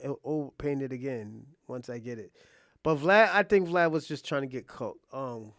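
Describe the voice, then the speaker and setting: A young man casually commenting on an interview clip, rambling and thinking out loud with many restarts. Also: mid-range voice, normal speed, no room sound, clean studio sound. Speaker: reaction streamer.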